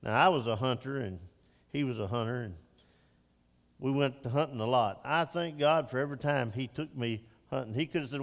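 An older man preaching a Father's Day sermon, climbing to loud, high emphatic peaks and then dropping to soft, slow reflection. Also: big-room sound.

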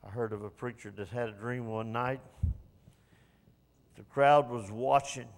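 A man preaching a sermon, dropping to hushed low passages and rising to pleading, raised lines. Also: steady tone, a little slow, long reverb tail.

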